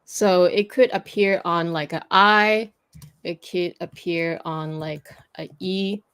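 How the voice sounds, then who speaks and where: A woman's voice: fairly low pitch, steady tone, slow, a bit bright, clear, resonant tone. A woman hosting a livestream, patiently explaining pronunciation rules step by step and laughing easily. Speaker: host teaching pronunciation.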